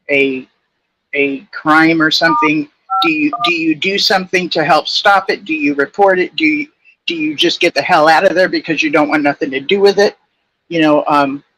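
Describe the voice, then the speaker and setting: A woman with a low voice, chatting casually as a caller on a livestream, rambling and laughing easily. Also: fairly bright tone, no room sound, low-quality recording. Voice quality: low, husky-leaning voice. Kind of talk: casual call-in chat.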